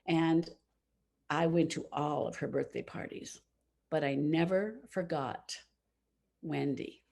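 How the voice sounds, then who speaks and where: Older woman, seventies, gravelly, husky, gentle storytelling, church story for all ages. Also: deep voice, takes it slowly. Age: 70s. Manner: gentle, heartfelt personal storytelling. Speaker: congregation member telling a children's story.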